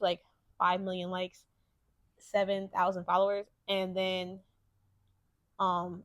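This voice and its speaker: A young woman podcast host with a medium-pitched voice delivers a casual monologue, telling stories candidly and with profanity, and she gets heated when she rants. The recording is dry and close.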